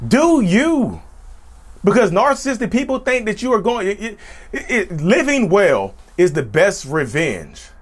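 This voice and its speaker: A YouTube host gives a casual, animated monologue on his own channel in a high-pitched, husky, slightly slow voice that sometimes cracks. He repeats his points and phrases and addresses his viewers as "y'all."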